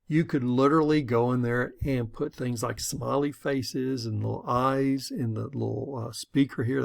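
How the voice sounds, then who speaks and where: A man's voice: medium pitch, creaky. A middle-aged man giving a conversational, step-by-step lesson on public speaking. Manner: folksy, conversational, explains step by step. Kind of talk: instructional talk to camera.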